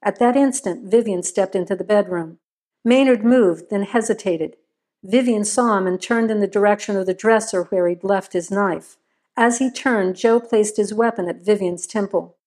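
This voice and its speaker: A woman's voice: mid-range voice, normal speed, darkish tone. Woman narrating a crime story.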